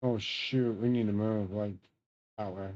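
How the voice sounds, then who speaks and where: A man rambling in a profane, excitable way while he plays a game and comments. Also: lowish voice, unhurried, dull audio. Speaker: game streamer.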